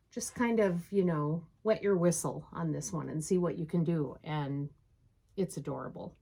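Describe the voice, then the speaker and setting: A woman's voice: fairly low pitch, moderate pace, creaky, a little mellow, breathy edge. Woman, Minnesota accent, enthusiastic casual co-host of a craft chat show. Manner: chatty and enthusiastic, gushing. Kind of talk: casual chat about cross-stitch.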